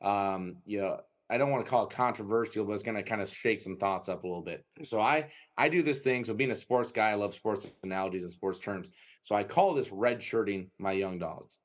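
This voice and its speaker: A man, a dog trainer and breeder, chatting on a podcast in a lively storytelling way, acting out dogs and owners and tagging his points with "right?". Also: lowish voice, fairly quick, hardly any pauses. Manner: filler-heavy, frequent "right?" tags. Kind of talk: casual podcast conversation.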